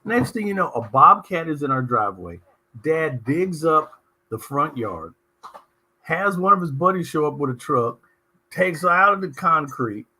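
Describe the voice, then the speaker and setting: A middle-aged man from Southern California, hosting a talk show and telling anecdotes in an animated, emphatic way. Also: on the high side, unhurried, a little hiss or hum. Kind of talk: conversational interview storytelling.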